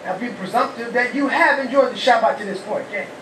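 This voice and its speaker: A rabbi gives a lively call-and-response sermon, asking the congregation questions and shouting praise. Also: male voice, very high-pitched, fast, background noise. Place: humid, warm house of worship. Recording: echoey hall, mic far off.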